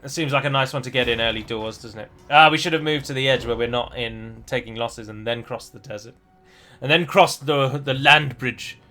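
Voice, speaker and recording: A man's voice: medium pitch, brisk, pushed and bright, soft background music. A man commentating on his own strategy game play, chatty and self-deprecating, thinking his moves out aloud. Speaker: game streamer.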